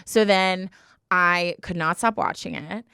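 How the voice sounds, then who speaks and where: A woman's voice: fairly low pitch, a little slow, gravelly, smooth, no room sound. Chatty young woman, dry close sound. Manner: emotional, animated storytelling. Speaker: podcast co-host. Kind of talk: casual chat.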